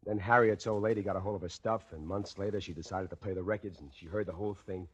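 A man's voice: low-pitched, fairly even intonation, fast talker, breathy edge. An actor playing a condemned male killer in a radio drama, talking tough-guy slang and pressing others with taunting questions. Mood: bitter. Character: condemned male killer, boastful, cracking under fear. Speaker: prisoner. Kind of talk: 1940s radio acting.

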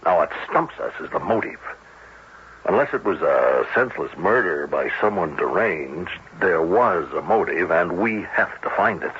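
An actor playing a skeptical police captain, questioning a witness in an old-time radio drama. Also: male voice, low voice, lively intonation. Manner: questioning, skeptical, brisk interrogation. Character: probing male police captain. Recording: dull old radio broadcast with faint hiss.

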